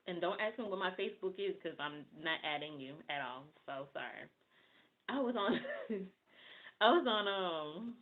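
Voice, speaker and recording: A woman chatting casually with her livestream viewers, excitable and thinking out loud. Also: on the low side. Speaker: livestream host. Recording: tinny phone-like audio.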